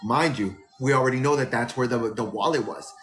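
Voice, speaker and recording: A man who works as a flight attendant, telling a rambling, animated story on a live stream. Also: mid-range voice, brisk, soft background music.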